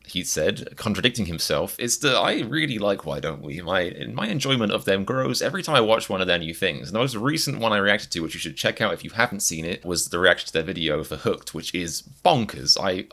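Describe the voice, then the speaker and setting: Brief male reaction host, hard-to-place mixed accent, low-ish bright voice, jokey rambling delivery. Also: expressive, fairly quick, hardly any pauses. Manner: rambling, self-mocking and jokey. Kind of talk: comedic reaction vlog.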